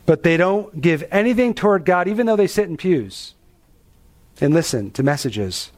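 A man's voice: a little high, lively intonation, moderate pace, a little mellow. A man preaching a sermon as a pastor, teaching through a passage in a conversational, emphatic way and asking the listeners rhetorical questions. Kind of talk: expository sermon.

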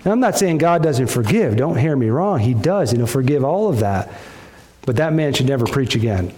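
A man's voice: very animated, normal speed, dark tone. A middle-aged male pastor preaching a sermon, retelling a scripture story with emphatic, storytelling delivery. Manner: storytelling with sudden swings in pitch and pace, emphatic.

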